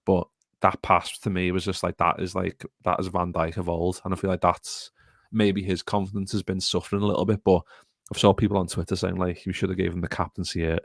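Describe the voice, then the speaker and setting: A man's voice: sits low, little pitch movement, a little fast, vocal fry, no echo, studio quality. A man co-hosting a live football podcast, chatting casually and rambling as he reads out viewer comments. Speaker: podcast co-host.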